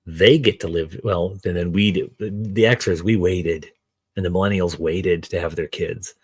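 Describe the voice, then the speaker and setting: A man's voice: sits low, fairly even intonation, moderate pace, darkish tone, slightly rough, no echo. A man in his fifties chatting casually, rambling and wry. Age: 50s. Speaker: streamer. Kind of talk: casual chat.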